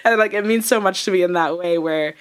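Rambling, effusive young woman, low-pitched. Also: fairly quick. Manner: rambling, heavy use of "like", effusive. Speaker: podcast co-host. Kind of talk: casual chat.

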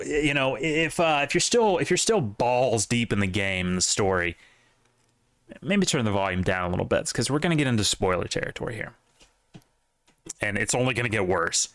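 A man rambles through a casual podcast chat about a video game, full of fillers and restarts. His voice sits at a middle pitch and sounds dry and close, with little room around it. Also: fairly bright tone, no room sound. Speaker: podcast co-host.

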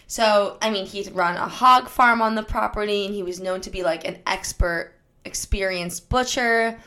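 Brief: female podcast host, laid-back storyteller, giggly, mid-pitched, swears casually. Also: normal speed, pushed and bright. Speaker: podcast host telling a true-crime story.

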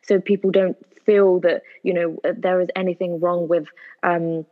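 A woman's voice: fairly low pitch, little pitch movement, normal speed. A woman, a podcast guest giving earnest answers and repeating phrases for emphasis. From United Kingdom. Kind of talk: earnest conversational interview answers. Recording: tinny phone-like line.

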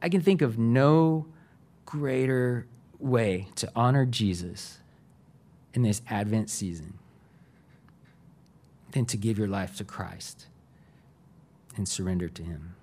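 A man's voice: lowish voice, slow pace, pauses often, a little mellow, slight background noise. A middle-aged man, a pastor giving a sermon in an earnest, conversational way. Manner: conversational, earnest, uses fillers.

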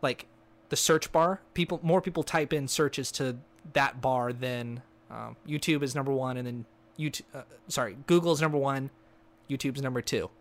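A man with a medium-pitched voice talks at a normal speed while co-hosting a laid-back movie podcast. He jokes around and rambles in casual banter, often trailing off mid-thought.

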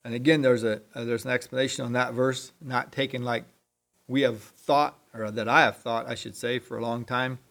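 A man giving an unscripted sermon as a lay preacher, talking in a halting, conversational way and often clearing his throat. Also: mid-range voice, level tone, fairly bright tone.

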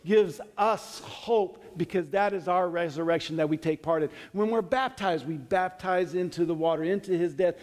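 A man's voice: high voice, moderate pace, hardly any pauses, a little mellow, big-room sound. A man teaching a sermon, retelling scripture in an earnest, conversational way with frequent restarts. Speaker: Bible teacher.

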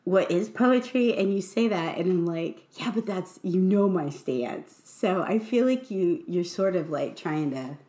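A woman's voice: lowish voice, expressive, a little slow, hardly any pauses, dark tone, reverberant. Giggly woman hosting a podcast. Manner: giggly, chatty, self-deprecating. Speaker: podcast host. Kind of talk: casual chat.

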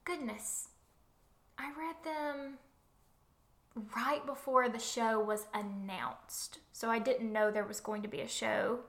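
A woman's voice: mid-range voice, fairly even intonation, unhurried, vocal fry, few pauses. A young woman co-hosting a podcast in casual book-discussion chat, chatty and laughing often, with fillers. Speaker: podcast co-host.

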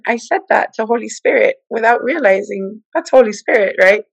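A woman's voice: a little fast, creaky, hardly any pauses, breathy edge, dry recording, rough recording. Dry, close-miked woman telling her story. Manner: animated, acts out quoted speech with big pitch jumps. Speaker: guest telling her testimony. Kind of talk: casual personal storytelling.

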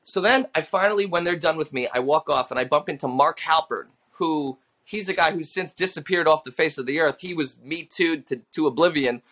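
This thirty-something comedian speaks a little high and a little fast, barely pausing as he spins stories on a casual podcast. A guest known for impressions, he animatedly performs the people he quotes.

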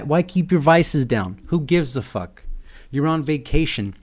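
A man's voice: mid-range voice, darkish tone. A young man hosting a podcast, telling a rambling, irreverent comic story full of swearing. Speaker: podcast host. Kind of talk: casual comedic monologue.

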